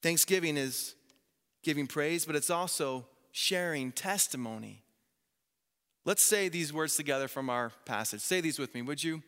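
A man in his thirties delivers a sermon from a church stage, his voice bright and a touch high. He tells stories with animation and slips into voices for the people he quotes. The sound carries a long reverb from the hall. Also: normal speed, smooth. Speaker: pastor. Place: church sanctuary.

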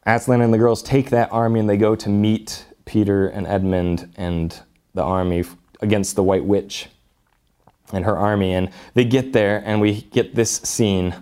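Low mellow-voiced man reading expressively. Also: normal speed. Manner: expressive storybook reading, then reflective talk with restarts. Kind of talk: reading a story aloud with religious commentary.

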